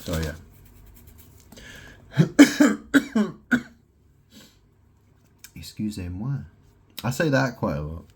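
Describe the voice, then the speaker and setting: A man's voice: medium pitch, wildly swooping pitch, extremely slow, pauses often, darkish tone, slightly rough. A man recording a rambling monologue at home, meandering through wordplay and asking "right?" often. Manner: meandering, wordplay-heavy, with many "right?" asides. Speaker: solo vlogger. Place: at home in his house.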